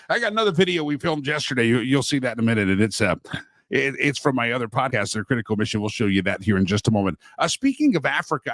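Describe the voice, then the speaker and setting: Man, talk show host, rambling, opinionated, mid pitch, dry close sound. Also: a bit bright, dry recording. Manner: rambling, opinionated, with many restarts. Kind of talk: casual daily talk show.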